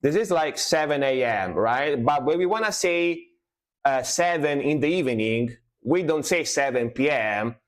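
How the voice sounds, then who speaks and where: A man from Italy with an Italian accent, a music reaction streamer chatting casually on a livestream, explaining at length with many fillers. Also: mid-range voice.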